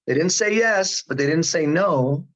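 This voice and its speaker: A man's voice: fairly high pitch, lively intonation, normal speed, rough recording. A man in his fifties telling his story in a casual interview, earnest and emphatic. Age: 50s. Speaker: guest.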